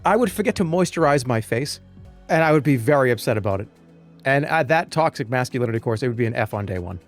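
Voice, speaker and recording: A man, chatting casually on a live stream, rambling and joking, now and then breaking into loud animated rants. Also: medium pitch, fast talker, soft background music.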